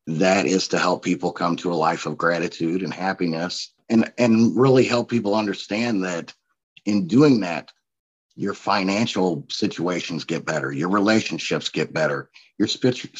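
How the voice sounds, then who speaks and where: Forties male podcast guest from Missouri, easygoing storyteller, lower register, muffled lo-fi recording. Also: normal speed, breathy edge. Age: 40s. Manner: chatty storyteller, laughs often. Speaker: guest, coach and speaker. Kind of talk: casual podcast interview.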